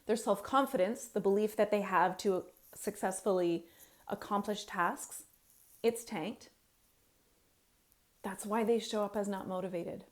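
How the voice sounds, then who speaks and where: A woman coaching parents in an earnest, pleading monologue, with emphatic pauses. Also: mid-range voice, darkish tone. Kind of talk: heartfelt advice monologue to parents.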